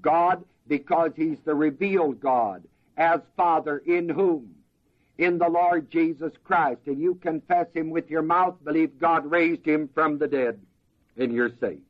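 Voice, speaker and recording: Slow-preaching man on a dull recording. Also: a little high. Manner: slow, deliberate, asks the congregation to fill in words. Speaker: pastor. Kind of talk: verse-by-verse sermon.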